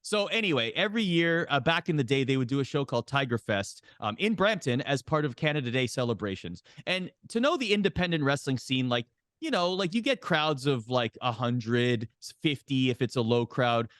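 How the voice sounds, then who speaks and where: Male interview guest, animated storyteller, very lively intonation, dry sound. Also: brisk, no echo. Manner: animated, raises voice high for quoted lines.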